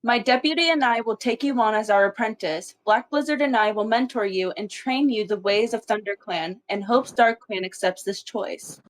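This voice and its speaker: A woman's voice: on the high side, natural voice. A woman voicing a commanding she-cat clan leader. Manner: measured and commanding. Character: calm authoritative female clan leader cat. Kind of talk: voiced fan-made cat movie.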